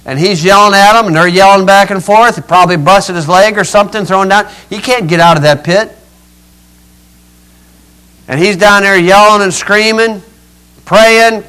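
An older male preacher retelling a scripture story in a folksy, dramatic way, swinging between loud rises and quiet drops. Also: high-pitched, moderate pace, smooth, low-quality recording. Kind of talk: storytelling sermon.

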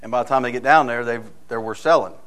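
A man's voice: mid-range voice, fast talker, fairly bright tone. A man preaching a sermon in a folksy, storytelling way, asking the congregation frequent rhetorical questions.

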